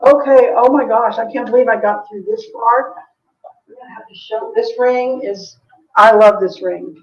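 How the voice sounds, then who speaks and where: A chatty woman on a live-stream sale, her voice sitting a touch high. She rambles through her pieces with lots of ums, heard slightly off-mic through a dull, muffled recording. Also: moderate pace, distant mic. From United States. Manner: chatty, warm toward viewers, frequent ums and laughs. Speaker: jewelry seller hosting a live sale. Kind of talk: casual live-stream selling chat.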